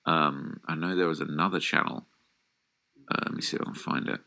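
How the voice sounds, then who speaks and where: A man hosting a live hip-hop news reaction stream, reading posts aloud and commenting in an animated, slangy way. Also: extremely low pitch, a little fast, gravelly.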